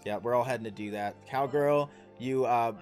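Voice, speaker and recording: A young man narrating as dungeon master, rambling and halting with many fillers. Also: medium pitch, a little mellow, faint music behind. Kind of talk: narrating a tabletop game.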